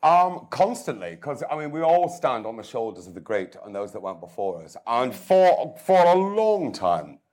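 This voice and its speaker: With a sing-song lilt in his medium-pitched, darkish voice, an older chef and cookery writer chats enthusiastically in an interview, poking fun at himself. He keeps a normal pace and rarely pauses.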